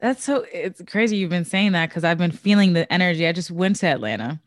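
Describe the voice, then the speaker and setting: A woman's voice: fairly low pitch, animated, fairly quick, dry recording, clean studio sound. A woman talking openly and emotionally with a reader about her career and a recent breakup. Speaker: client of the reading. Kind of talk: casual conversation.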